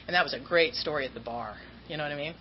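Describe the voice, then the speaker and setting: A woman's voice: sits low, racing. A woman giving a candid, self-mocking talk as an AA speaker about her recovery, acting out the voices of people in her story. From Southern California. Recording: dull lo-fi talk recording with faint noise.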